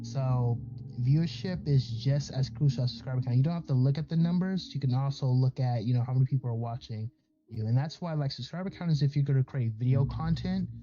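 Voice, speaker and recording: A man's voice: medium pitch, brisk, warm tone, lo-fi sound. A man giving a casual, rambling educational talk as a streamer, full of fillers and restarts. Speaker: VTuber content creator.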